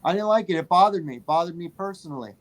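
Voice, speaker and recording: Animated man telling a story. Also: sits high, racing. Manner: animated storyteller, repeats phrases for emphasis. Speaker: podcast co-host. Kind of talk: casual movie chat.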